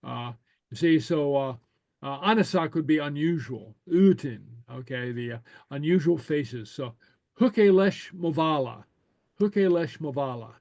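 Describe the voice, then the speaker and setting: Male teacher, slightly high-pitched, dry close sound. Easygoing and halting, chuckles often, says new words slowly for the class to repeat. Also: animated, darkish tone, no room sound. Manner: unhurried and hesitant, full of okays and chuckles. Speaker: language teacher. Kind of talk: relaxed classroom lesson.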